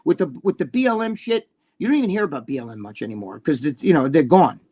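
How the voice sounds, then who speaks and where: A man's voice: a little high, lively intonation, fast, warm tone, husky. A man co-hosting a talk show, ranting in heated casual chat, swearing, repeating himself and acting out quoted people. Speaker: podcast co-host.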